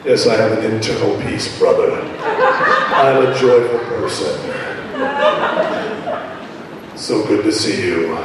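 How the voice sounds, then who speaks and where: A preacher mocking a stoic, monotone churchgoer. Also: male voice, on the low side, slow pace, pauses often, background noise, voice pushed down. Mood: flat solemn. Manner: flat, subdued, monotone piety. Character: stoic, flat, pious churchgoer man. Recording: echoey hall from far off.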